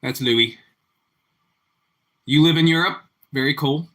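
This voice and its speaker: A man's voice: fairly high pitch, slow, a bit bright. A man hosting a livestream from his home kitchen, chatting casually with viewers while he cooks and often repeating his phrases. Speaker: livestream host. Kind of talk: casual chat while cooking.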